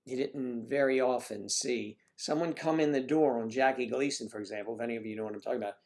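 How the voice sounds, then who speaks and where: A man's voice: medium pitch, quick pace, a little mellow. A man hosting a casual livestream, chatting in a rambling way with lots of asides to his viewers. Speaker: livestream host. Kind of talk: casual chat.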